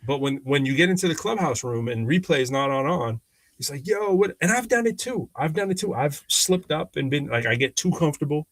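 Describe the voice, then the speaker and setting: Gravelly animated man chatting. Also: a little high, fairly quick, no echo. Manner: animated storyteller, lots of restarts. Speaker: podcast co-host. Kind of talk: casual conversation.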